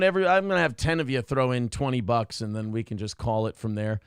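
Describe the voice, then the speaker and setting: A man's voice: mid-range voice, steady tone, fast talker, hardly any pauses, clean tone, dry recording, studio quality. A man hosting a casual live show, joking crudely and reading out viewer messages. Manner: joking, reads chat messages aloud.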